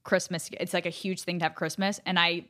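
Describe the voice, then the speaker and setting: A woman from Pennsylvania chatting as a podcast guest, quick and joking, slipping in and out of a thick New York voice. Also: lowish voice, little pitch movement, bright, forceful tone. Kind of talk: casual chat.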